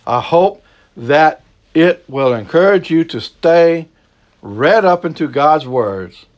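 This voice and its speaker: A man with a Cajun accent from the American South, preaching a sermon with emphatic repetition and sudden low, slow drops for emphasis. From Southern United States. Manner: emphatic preaching, repeats key phrases, drops to a low slow hush for stress. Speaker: pastor.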